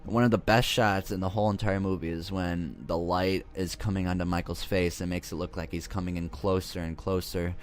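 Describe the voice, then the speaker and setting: Low-voiced man rambling through a movie recap. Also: steady tone, brisk, few pauses. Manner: rambling, profane, joking. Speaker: movie reviewer.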